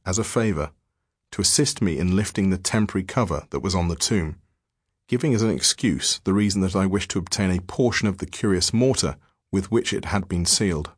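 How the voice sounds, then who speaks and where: A man narrating a diary-form horror story in a measured, grave manner. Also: low-pitched, breathy edge, dry recording, clean studio sound.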